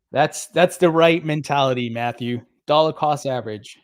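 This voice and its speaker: A middle-aged man with a New Jersey accent talks in a relaxed, upbeat livestream manner, greeting viewers and chatting with plenty of ums. His pitch sits in a typical male middle range. The sound is dry and close, with no room echo. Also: unhurried. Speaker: crypto livestream host. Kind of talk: casual livestream chat reading viewer comments.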